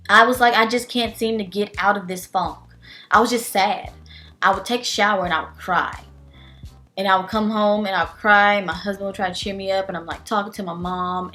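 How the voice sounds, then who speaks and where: A woman's voice: medium pitch, fairly bright tone. A young adult woman, a teacher and vlogger, talking candidly and emotionally in a casual vlog, with many fillers. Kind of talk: casual vlog life update.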